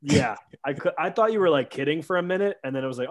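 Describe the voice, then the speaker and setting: Brief: male co-host, lively pitch swings, relaxed and halting. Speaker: podcast co-host. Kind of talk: casual podcast chat.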